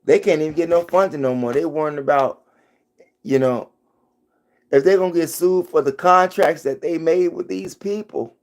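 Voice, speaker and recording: A man's voice: on the high side, moderate pace. A middle-aged man giving an emphatic, preachy commentary vlog into his phone, hammering his points home by repeating them. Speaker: vlogger.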